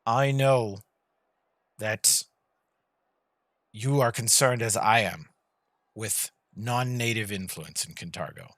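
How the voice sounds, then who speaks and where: Male GM doing a pompous tyrant ruler: low, unhurried, bright-edged decrees, dry close sound. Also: no room sound. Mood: calmly commanding. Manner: slow, measured, soft-spoken proclamations. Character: smug, smiling male city ruler addressing crowds.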